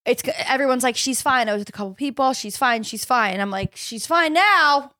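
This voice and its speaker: A woman with a fairly high voice trades playful jokes on a podcast, swearing without a second thought. Her talk is loose and casual. The sound is close and dry, with no room around it. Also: quick pace, a bit bright, no room sound. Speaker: podcast co-host. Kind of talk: casual chat.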